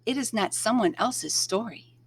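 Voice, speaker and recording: A woman reading aloud, voicing a gentle, wise spirit rabbit that speaks slowly and softly in a lowered voice. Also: lively intonation, husky. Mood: solemn. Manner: slow, soft, solemn.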